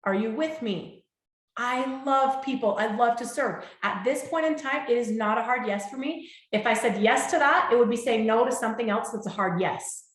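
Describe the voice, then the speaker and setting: A woman's voice: a little high, normal speed. Heartfelt woman giving a motivational talk. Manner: warm, heartfelt, repeatedly checks in with listeners. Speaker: host. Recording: echoey room.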